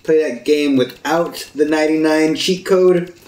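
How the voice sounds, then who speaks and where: A man's voice: fairly high pitch, measured pace, darkish tone. A man chatting casually about games with friends, often starting over with repeated words. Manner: hesitant, restarts with repeated words. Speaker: co-host of a gaming show. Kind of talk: casual let's-play banter. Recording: roomy room sound.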